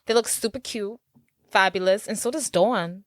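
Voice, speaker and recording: A woman's voice: mid-range voice, normal speed. A woman co-hosting a movie recap podcast, chatting in an easygoing way and laughing along. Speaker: podcast co-host. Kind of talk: casual movie-recap chat.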